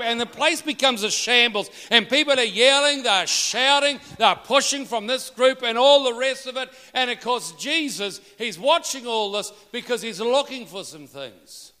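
Male preacher, fairly high pitched, animated storyteller, sermon in a big reverberant church. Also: moderate pace, hardly any pauses. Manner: animated storytelling, acts out quoted voices. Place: large church hall. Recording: long hall reverb.

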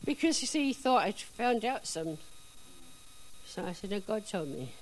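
A woman telling a personal faith testimony in a chatty, animated storytelling way. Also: medium pitch, moderate pace, a little hiss or hum, poor audio. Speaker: speaker giving a testimony.

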